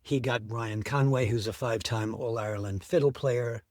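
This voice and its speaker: A middle-aged man telling the story of how he built an event, as an interview guest, with lively enthusiasm. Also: medium pitch, normal speed, no room sound, clean studio sound.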